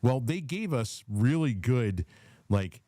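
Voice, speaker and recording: A man's voice: medium pitch, sing-song, slow pace, mellow, no room sound. A man in his forties hosting a casual political chat, rambling and swearing in an easygoing way. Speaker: podcast host.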